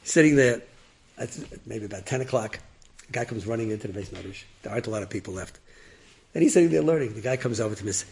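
Guy telling a story, gravelly voice, lively, does the voices. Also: lowish voice, quick pace. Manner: lively, acts out characters with rising excited voices and laughs. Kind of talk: animated oral storytelling.

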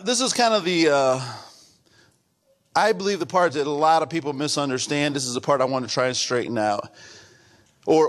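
A man's voice: fairly high pitch, fairly bright tone. A man preaching a sermon as pastor in a church, earnest and repetitive, building to emphatic outbursts.

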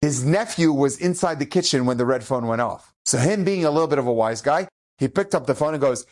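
A rabbi tells an inspirational story in an animated way, jumping into each character's voice. The delivery is lively and expressive throughout. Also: male voice, mid-range voice, brisk. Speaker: rabbi and educator.

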